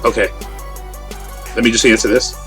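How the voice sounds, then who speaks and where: A man, a guest on an interview show, telling a story in a casual, animated way over a remote call. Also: medium pitch, moderate pace, soft background music. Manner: animated, acts out quoted voices. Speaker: interview guest, radio personality. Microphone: remote call from home.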